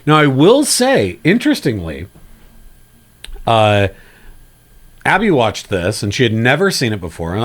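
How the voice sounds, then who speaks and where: A man co-hosting a film podcast, chatting casually with animated asides. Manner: animated, bouncing pitch, quick asides.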